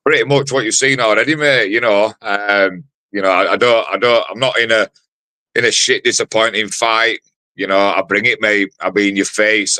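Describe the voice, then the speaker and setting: Brash man in his forties, very low voice, dry close sound, swaggering fight talk. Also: steady tone, normal speed, pushed and bright, no room sound. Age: 40s. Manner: brash, sweary trash talk with many fillers. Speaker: bare-knuckle fighter. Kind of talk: fight promo interview.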